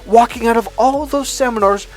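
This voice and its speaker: A man voicing an overeager grown man client, quoting him in a higher, insistent tone. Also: moderate pace, soft background music. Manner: pleading, insistent.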